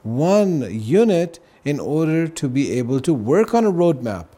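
A man's voice: fairly high pitch, sing-song, a little slow, warm tone. A man speaking as a guest on a religious talk show, explaining earnestly and often checking in with "right?" and "you know".

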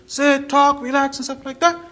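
A man preaching voices a kind religious leader giving gentle, reassuring instructions. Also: very high-pitched, steady tone, normal speed, pitched above the performer's own voice.

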